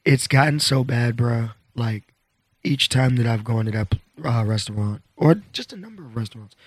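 A man's voice: medium pitch, expressive, moderate pace, dry recording. A man co-hosting a podcast in casual chat, blunt, profane and ranting. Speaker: podcast co-host.

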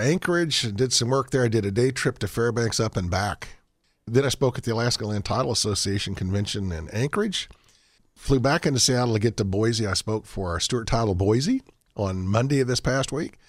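A man's voice: lowish voice, no echo, studio quality. A man, a radio show guest talking in a folksy, rambling way with frequent restarts. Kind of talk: radio talk show interview.

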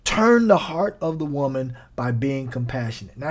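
Animated man preaching on a podcast. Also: medium pitch, moderate pace, hardly any pauses. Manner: animated, folksy, addresses listeners directly. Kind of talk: conversational sermon podcast.

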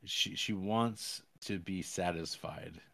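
A man with a fairly low voice, talking close to a dry mic with no room sound. He co-hosts a podcast, recapping a film's plot in a casual, halting ramble full of fillers and crude asides. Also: gravelly, fairly bright tone, no room sound. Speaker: podcast co-host. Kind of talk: casual movie review chat.

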